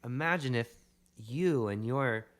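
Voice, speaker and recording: A man's voice: mid-range voice, slow pace. A young adult man, a podcast guest, telling a rambling story in casual conversation with emphatic bursts.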